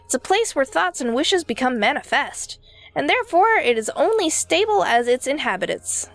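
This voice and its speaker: A woman's voice: high-pitched, sing-song, moderate pace, no echo, pitched above the performer's own voice. A woman reading the lines of a weary male wanderer from a dream game, in an offhand, matter-of-fact way.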